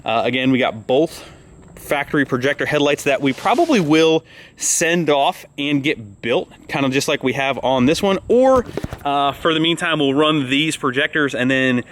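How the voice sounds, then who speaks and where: A man's voice: on the high side, a bit bright. A man hosting a casual vlog, rambling and amped up as he walks through his plans. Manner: rambling and amped up, talking fast. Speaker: vlog host.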